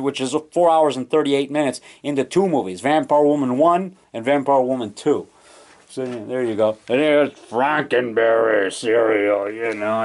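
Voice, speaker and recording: A man's voice: mid-range voice, darkish tone. A man, a filmmaker, giving a rambling, self-correcting show-and-tell of his collection in his home basement, recorded on a camcorder. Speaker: filmmaker and vlogger. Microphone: handheld camcorder mic.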